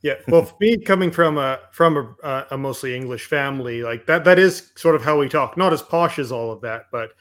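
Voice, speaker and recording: A man from Canada co-hosting a casual film review podcast, measured with a wry, deadpan humor. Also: mid-range voice. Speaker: podcast co-host.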